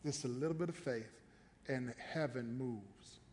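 A man pastor preaching an animated, emphatic sermon in a church sanctuary, mixing jokes and repetition. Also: medium pitch, unhurried, a little hiss or hum. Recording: long hall reverb.

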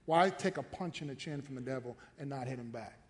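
A man pastor preaching an animated, emphatic sermon in a church sanctuary, mixing jokes and repetition. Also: medium pitch, fairly quick. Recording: long hall reverb.

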